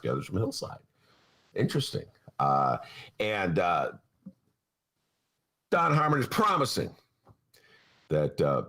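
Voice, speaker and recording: A man with a gravelly, creaky voice hosts a casual political talk show. His pitch swings wildly as he rambles through stories and then bursts into loud, ranting asides. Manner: rambling storyteller who breaks into ranting, shouted asides.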